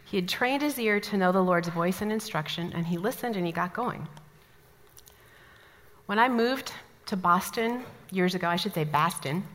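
A woman from the American Midwest teaching a Bible study, telling stories with lively asides. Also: mid-range voice, moderate pace, slight background noise. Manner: animated storytelling, lively asides. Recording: long hall reverb.

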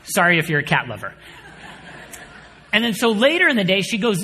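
A man in his thirties preaching a sermon, telling stories with animated energy and dropping to a quiet, earnest tone for his points. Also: high voice, fairly quick, in a large hall. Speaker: pastor.

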